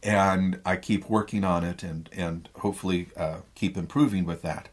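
A male theatre professor with a Midwestern American accent, giving a lecture that retells a play as a story and pausing often on fillers. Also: deep voice, slightly rough. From Midwestern United States. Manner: animated storyteller with frequent fillers.

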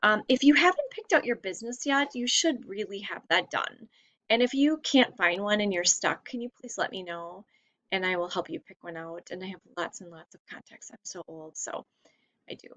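A woman's voice: medium pitch, moderate pace, no room sound, rough recording. A tired woman teacher giving a chatty, rambling recorded lesson late at night from home. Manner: chatty, warm and rambling, with frequent fillers.

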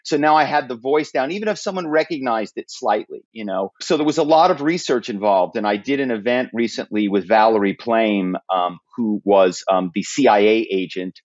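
Animated man telling stories as a guest. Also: on the low side, moderate pace, hardly any pauses, no echo, dull audio. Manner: animated storyteller who slips into impersonations. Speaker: podcast guest. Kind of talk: interview conversation.

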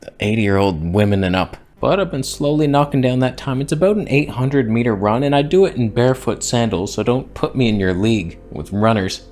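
A man's voice: mid-range voice, lively intonation, brisk, a little mellow. Man in back pain, rambling and self-mocking. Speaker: vlogger. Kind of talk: casual vlog monologue.

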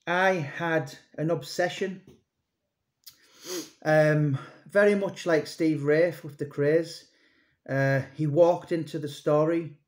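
A man in his thirties, an author and publisher, rambling conversationally about his books with many fillers and restarts. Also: a little high. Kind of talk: casual monologue to camera.

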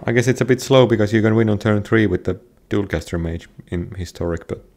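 A man playing a card game online, grumbling and swearing at it, at times yelling in frustration. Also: fairly low pitch, a little fast, faint music behind. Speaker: gamer streaming a card game. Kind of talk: angry gameplay commentary.

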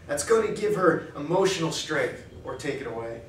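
A man speaking at a men's breakfast in a cafe, preaching in an animated way and acting out quoted thoughts in a hushed voice. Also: a little high, normal speed, slight background noise. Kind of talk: preaching talk. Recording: echoey room, mic far off.

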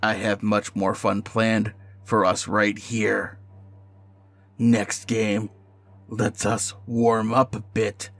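A man voicing a cruel, condescending male captor who taunts slowly over faint music. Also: on the low side, little pitch movement, a bit bright, no room sound. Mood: taunting. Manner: slow, drawn-out taunting.

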